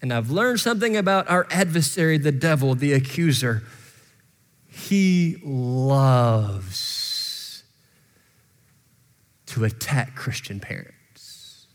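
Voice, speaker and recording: Man in his 40s, pastor, sermon delivery, mid-pitched, conversational then fervent, long church reverb. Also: expressive, takes it slowly, long pauses. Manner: conversational storytelling rising to impassioned exhortation. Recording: long reverb in large hall.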